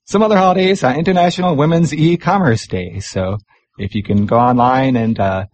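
A man hosting a community radio show in a studio, chatting casually and pausing often with fillers. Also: mid-range voice. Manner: relaxed, chatty, pauses with many fillers.

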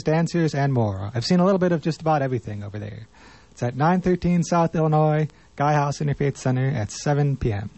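A man's voice: a little high, darkish tone, no echo. A man co-hosting community radio news, agreeable and earnest, slipping in dry puns. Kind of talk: casual on-air chat and listings.

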